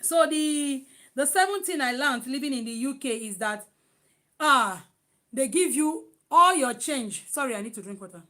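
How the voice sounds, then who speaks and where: A young Nigerian woman talks straight to her viewers in a loud, emphatic voice that sits a touch high. She speaks in quick bursts, circling back over her words as she goes. Her Nigerian accent colours every line. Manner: animated, loud and emphatic, with many restarts. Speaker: vlogger. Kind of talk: casual vlog chat.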